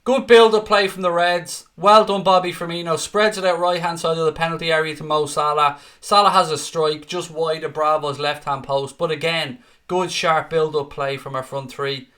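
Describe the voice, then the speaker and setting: A young man hosting a live fan watchalong, calling play and answering viewer comments in an excitable, sweary, bantering way. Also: fairly high pitch, moderate pace, few pauses.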